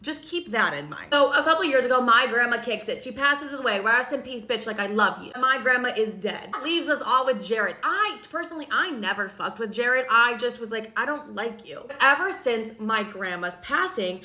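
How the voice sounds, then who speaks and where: A young woman casually telling a family story to her phone camera, blunt and profane, gossiping with animated energy. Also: fairly high pitch, normal speed, hardly any pauses.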